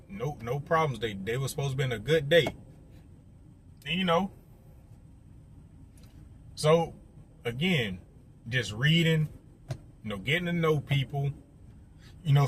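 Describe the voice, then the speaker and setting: A young man with a mid-range, fairly bright voice tells a story in a loose, conversational style, often speaking straight to his viewers and filling gaps with lots of fillers. Slight background noise can be heard.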